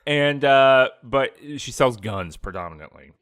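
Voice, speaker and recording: A man's voice: medium pitch, expressive, unhurried, a bit bright, clean tone, no echo. A man co-hosting a gaming podcast, telling rambling, playful stories about the game. His voice swings widely up and down as he talks. The sound is dry and close. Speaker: podcast co-host. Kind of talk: casual gaming chat.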